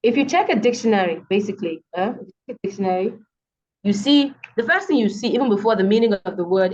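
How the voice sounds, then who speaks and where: A woman with a Nigerian English accent tutoring students over a video call, patient and repeating each word slowly. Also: mid-range voice. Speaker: online tutor. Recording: dull lo-fi video call audio.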